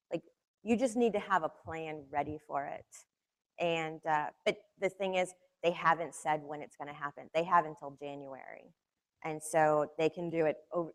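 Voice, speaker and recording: Chatty woman with a low voice. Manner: chatty, loose, full of "like" and "you know", lively when retelling scenes. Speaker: magazine reporter speaking to students. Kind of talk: casual anecdotal talk.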